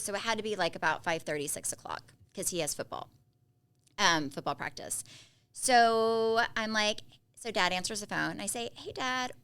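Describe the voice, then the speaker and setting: A woman's voice: lowish voice, clean tone. A woman co-hosting a podcast in casual chat, telling family stories and acting out what people said. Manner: animated storyteller who acts out quoted family members. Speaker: podcast co-host.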